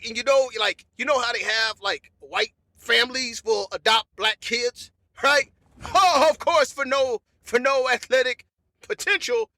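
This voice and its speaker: A man hosting a comedy podcast, talking in a loose, animated monologue. He repeats phrases and breaks into laughter. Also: very high voice, no echo.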